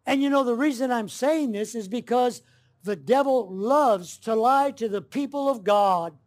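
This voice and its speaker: A man preaching an evening sermon, earnest and deliberate, with frequent "uh" fillers as he works through the text. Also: very high-pitched. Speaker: pastor.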